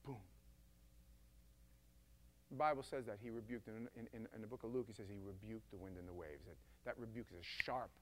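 A male preacher giving a casual, emphatic sermon that swings from loud to hushed. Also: on the low side, quick pace, hardly any pauses, background noise.

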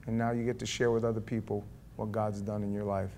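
A man preaching at a Bible study in a folksy, conversational manner. He reads scripture aloud and comments as he goes. He drops into quiet asides, then rises to loud, emphatic stretches. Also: on the low side, quick pace, a little hiss or hum. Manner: folksy, animated, swings from soft asides to loud emphatic reading. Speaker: pastor leading a Bible study. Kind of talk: conversational sermon.

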